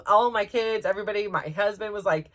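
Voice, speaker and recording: A middle-aged woman, a mother and podcast host, telling a story in a casual, animated, rambling way with lots of fillers and restarts. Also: mid-range voice, fairly quick.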